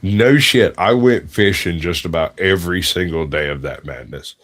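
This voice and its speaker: A man's voice: sits low, moderate pace, a bit bright. A middle-aged man, co-hosting a podcast and telling crude stories in casual chat, laughing often. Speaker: podcast co-host.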